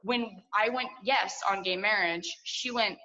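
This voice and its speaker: A woman's voice: mid-range voice, a little slow, sharp tone, highs cut off, a little hiss or hum. A woman in her twenties telling a personal story at a story slam, candid and profane, full of likes and asides, heard over a video call.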